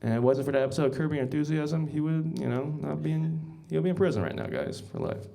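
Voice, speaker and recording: A man performs stand-up on a club stage. His voice sits a little high and leaps all over the place. He rambles through deadpan stories, padding them with ums and asides to the crowd. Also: fast talker, creaky. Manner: rambling deadpan storytelling with many ums, often says "guys". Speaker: stand-up comedian. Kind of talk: stand-up set.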